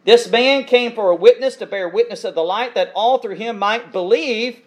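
A man's voice: high voice, normal speed. A man preaching an expository sermon, reading scripture verses aloud and then explaining them with emphatic repetition.

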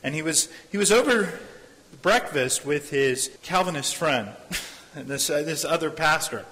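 A man's voice: fairly high pitch, pushed and bright. A man preaching a sermon as a pastor. He speaks earnestly, repeats his phrases and acts out the voices of people he quotes. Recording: long hall reverb.

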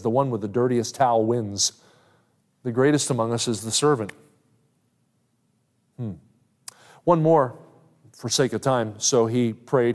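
A man's voice: mid-range voice, a little mellow. A man preaching a sermon as an evangelist, earnestly quoting Scripture at length and pressing his points with rising emphasis. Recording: long hall reverb.

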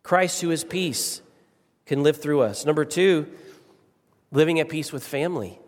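His fairly high voice trailing into the lengthy echo of the hall, a middle-aged pastor preaches in a church sanctuary. He swings between slow, weighted lines and rapid asides, speaking emphatically, varying pace and volume, and repeating key phrases.

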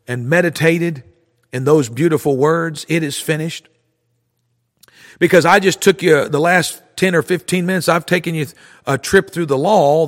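A man's voice: on the high side, long reverb tail. A man preaching a fervent sermon, repeating himself and dropping frequent amens.

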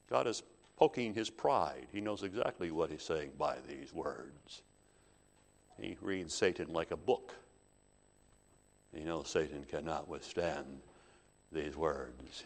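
Man preaching, deep voice, dramatic hush-to-loud, big echoey hall. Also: animated, unhurried, pauses often. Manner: dramatic, swinging from hushed to loud emphasis. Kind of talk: sermon. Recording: long hall reverb.

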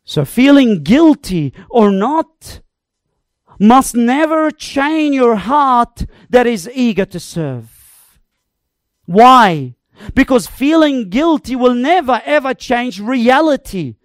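Slow, animated preacher with dramatic swings. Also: medium pitch, no room sound, clean studio sound. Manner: emphatic, dramatic, varies loudness and tempo. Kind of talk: sermon.

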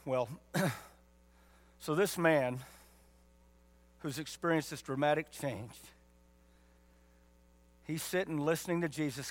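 A man pastor preaching a sermon with emphatic rhetorical questions and folksy asides. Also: medium pitch.

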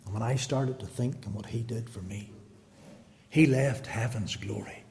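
A man's voice: medium pitch, normal speed, creaky, a little mellow, a little hiss or hum. A man preaching an evangelistic sermon, pleading with rhetorical questions, in a church hall. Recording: long hall reverb.

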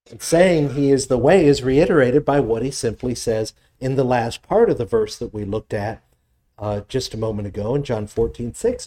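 A man's voice: medium pitch, warm tone. A man preaching a teaching sermon, explaining scripture word by word, with small restarts and rising emphasis when he reads verses aloud. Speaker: pastor. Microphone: presenting with slides on screen.

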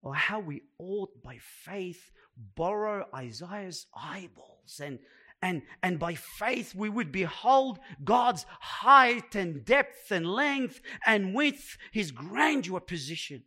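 A man's voice: high-pitched, expressive, takes it slowly, sharp tone. A man preaching a sermon as pastor, emphatic and repeating words for weight.

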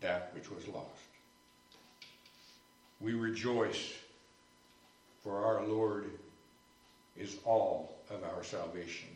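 A man preaching a sermon, telling stories and moving between hushed moments and loud exclamations. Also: mid-range voice, a little slow, pauses often. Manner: storytelling, swings from hushed to exclaiming. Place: church sanctuary. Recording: echoey church from a distance.

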